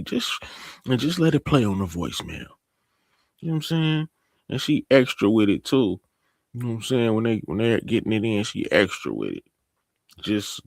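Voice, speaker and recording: A man hosting a casual TV recap, telling the plot with lively, animated storytelling. His voice is gravelly and husky, and it swings widely in pitch. The sound is close and dry. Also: no echo. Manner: animated storytelling, acting out characters, laughing. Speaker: TV recap host. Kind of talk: casual slang-heavy episode recap.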